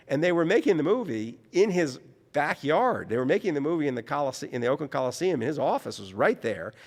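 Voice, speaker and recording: Gravelly male storyteller in a reverberant room. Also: fairly high pitch. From New Orleans, US. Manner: animated, mimics voices in his anecdotes. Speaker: author guest. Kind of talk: conversational storytelling.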